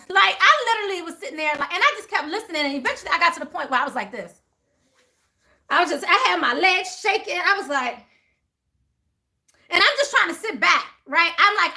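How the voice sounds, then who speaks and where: A woman with a high voice, talking a little fast, hosts a casual spiritual livestream. She tells a story animatedly, laughing a lot, and reads viewer comments aloud as she answers them.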